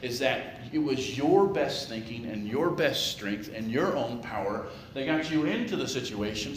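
A man's voice: mid-range voice, expressive, normal speed, hardly any pauses. A male pastor giving a conversational sermon, tossing in jokes and rhetorical questions. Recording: echoey room with clear background noise.

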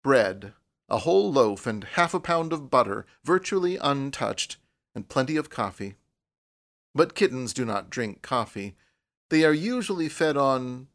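Reading a storybook as an audiobook narrator, a man delivers scripted narration at a steady, unhurried pace. He keeps it measured and even, with a voice at a typical middle pitch for a man.

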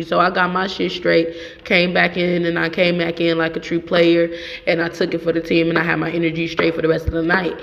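A woman's voice: fairly low pitch, little pitch movement, brisk, creaky. A young adult woman hosting a podcast, telling a story in a rambling, profane and emphatic way. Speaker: podcast host. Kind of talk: casual monologue. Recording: dull sound with long reverb.

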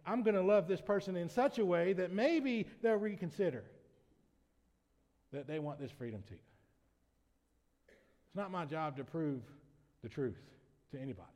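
A man preaching a sermon as pastor, shifting between quiet conversational asides and loud, emphatic preaching. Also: fairly high pitch. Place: church sanctuary. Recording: long reverb of a church hall.

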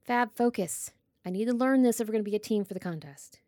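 A woman's voice: a little high, fast, dark tone, no echo, studio quality, close to an everyday voice. A woman reading a wry young cafe manager. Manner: plain and self-directed.

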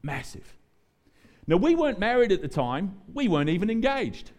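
A middle-aged Australian man preaching as a guest pastor, animated and joking, acting out the prayers and quotes he tells. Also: high-pitched, moderate pace. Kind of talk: sermon.

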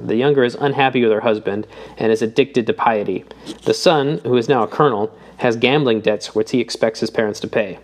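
Male audiobook narrator, mid-pitched, steady reading, brighter on quoted dialogue. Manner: reads steadily, lifting his voice for quoted dialogue. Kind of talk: scripted narration.

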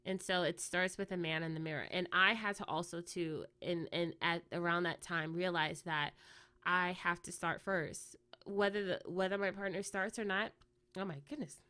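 Low-voiced woman musing with a cough. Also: steady tone, normal speed, pushed and bright, smooth. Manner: rambling, often checks in with "right?". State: fighting a cough. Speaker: podcast host. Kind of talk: casual reflective chat.

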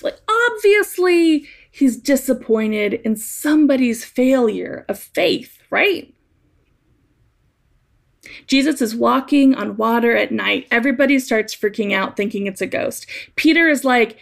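Slow, gravelly-voiced woman reflecting gently. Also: on the high side, animated. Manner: gentle, thoughtful, conversational. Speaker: speaker reflecting on scripture. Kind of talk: reflective spoken essay.

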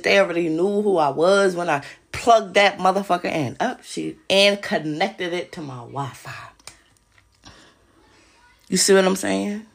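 A woman with a low, gravelly voice rants through a casual podcast monologue. She speaks straight to her listeners, swearing often and sounding worked up. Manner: agitated and profane, addressing listeners directly. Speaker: podcast host.

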